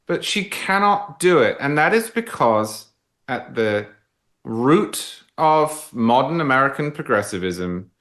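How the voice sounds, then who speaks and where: A man who is a guest commentator on a political talk show, arguing in an articulate, emphatic, measured way. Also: fairly low pitch, a bit bright.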